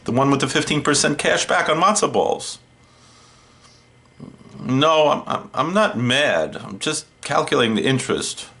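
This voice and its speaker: A man hosting a horror movie show, doing a comedic one-sided phone call in a deadpan, wry way. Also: a little high, a little slow, gravelly.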